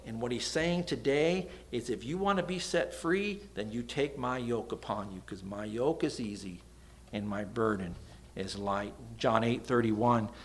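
Middle-aged guy preaching, animated and dramatic, goes quiet for asides, mid-pitch voice. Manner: animated, dramatic storytelling with sudden soft asides. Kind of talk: sermon.

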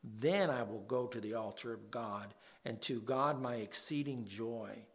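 Male preacher, mid-pitched voice, unhurried scripture reading and plain talk. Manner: reads scripture slowly, then explains in a plain conversational way. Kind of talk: sermon.

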